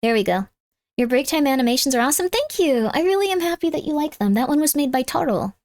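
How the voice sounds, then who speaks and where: A woman's voice: sits high, big pitch swings, fast talker, darkish tone, no room sound, studio quality. A woman streamer chatting casually with her viewers. She coos baby talk at her cat and makes playful, over-the-top mock threats. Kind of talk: casual live-stream chat.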